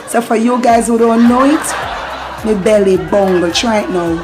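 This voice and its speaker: A woman's voice: a little high, moderate pace, music in the background. A woman with a Jamaican accent giving a playful, casual patois lesson, laughing often and repeating phrases. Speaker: online patois teacher.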